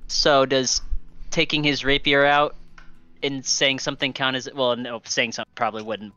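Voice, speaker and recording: A man with a bright, crisp voice plays a tabletop game, hesitant and unsure of the rules. The sound is dry and dull, from a lo-fi mic. Faint music plays underneath. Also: mid-range voice, level tone, moderate pace, no room sound. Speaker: player. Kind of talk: playing a tabletop game over voice chat.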